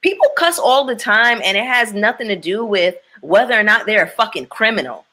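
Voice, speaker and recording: A woman's voice: mid-range voice, lively intonation, brisk, sharp tone. A woman hosting a casual chat with her viewers, blunt and opinionated, swearing freely as she reacts to a reality show.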